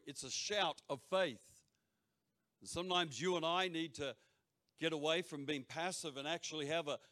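A man preaching a sermon to a congregation, swinging between loud shouts and quiet near-whispers, with joking asides. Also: fairly high pitch. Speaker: pastor. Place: church hall before a congregation. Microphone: handheld or stage mic.

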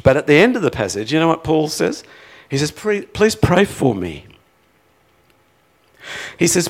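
A man preaching a sermon, rising to impassioned pleading peaks and then dropping to a quiet, reflective tone. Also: mid-range voice. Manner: acts out prayers in a pleading voice.

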